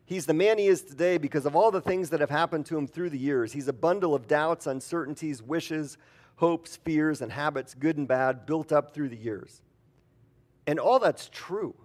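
A man preaching in a relaxed, conversational way, with many fillers and acted-out quotes. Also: on the high side, moderate pace. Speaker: pastor. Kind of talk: sermon.

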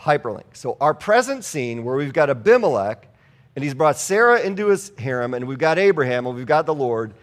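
A man's voice: mid-range voice, big pitch swings, a little fast. A man preaching a sermon in a conversational way, reading scripture aloud and asking the congregation rhetorical questions. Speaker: pastor.

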